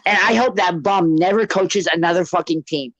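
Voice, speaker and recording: Profane, excitable man, higher voice. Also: moderate pace, no room sound, low-quality recording. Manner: profane, boastful storytelling. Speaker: podcast co-host. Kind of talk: casual sports chat.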